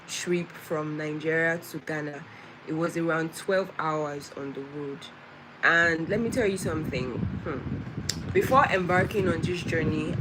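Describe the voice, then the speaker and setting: A woman hosting a casual travel livestream, chatty and greeting her viewers again and again. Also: fairly low pitch. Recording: loud vehicle noise behind.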